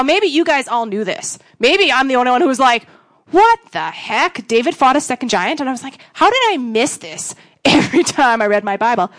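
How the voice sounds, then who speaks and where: A woman giving a casual, conversational sermon, acting out voices with sudden big jumps in pitch. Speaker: preacher.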